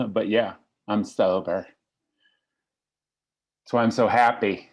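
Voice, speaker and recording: A man's voice: lowish voice, fairly even intonation, slow pace, pauses often, darkish tone. A middle-aged man telling his personal recovery story to a meeting, in a wry, self-deprecating, joking way. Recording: slightly lo-fi recording.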